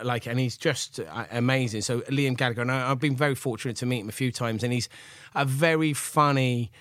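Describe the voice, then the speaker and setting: A man in his forties from England, an animated chef rambling through stories as a podcast guest, with lots of fillers and laughs. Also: medium pitch, dry recording, clean studio sound. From Gloucester, England. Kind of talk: casual storytelling chat.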